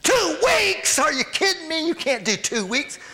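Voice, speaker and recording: A man voicing the whiny, nagging inner voice of his own flesh, protesting and pleading in a raised pitch. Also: very animated, unhurried, sharp tone, long reverb tail, full character voice. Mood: incredulous.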